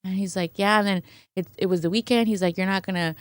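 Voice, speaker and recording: A woman's voice: mid-range voice, fast, no echo, clean studio sound. A woman guest on a podcast, telling a personal story casually and acting out what people said, often tagging on "right?". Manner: animated retelling, acting out quoted voices, fillers like "right?". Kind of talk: conversational storytelling.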